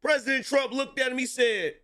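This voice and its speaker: A middle-aged man offers casual political commentary in animated street slang, laughing between lines. His voice is very high and his pace brisk.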